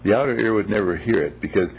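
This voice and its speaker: Low gravelly man telling a folksy story. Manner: gentle, unhurried, moralizing with homely phrases. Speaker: speaker telling a moral story.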